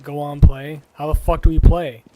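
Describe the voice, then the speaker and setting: A man's voice: fairly high pitch, level tone, moderate pace, mellow. A young man streaming a game with friends, talking in a brash, profane, mocking way. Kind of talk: live game-stream commentary.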